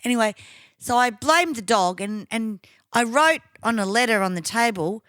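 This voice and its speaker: An Australian woman co-hosting a podcast, telling a story in casual, profane, animated chat. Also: fairly high pitch, normal speed, smooth, no room sound, studio quality. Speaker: podcast co-host.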